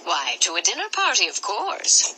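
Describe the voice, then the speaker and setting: A woman's voice: medium pitch, huge pitch swings, normal speed, pushed and bright, a little hiss or hum, exaggerated voice, rough recording. A woman doing a genteel old-movie society lady. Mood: gracious.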